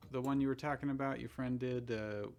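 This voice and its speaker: A man co-hosting a live show, chatting casually with dry jokes and trailing off quietly. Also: medium pitch, fairly even intonation, a little fast. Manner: dry, joking, trailing off into mumbles. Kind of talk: casual group chat.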